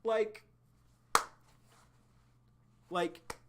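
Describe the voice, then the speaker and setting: A man streaming a live reaction to a webcomic, excitedly recapping and speculating, swearing freely. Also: very slow, noisy background.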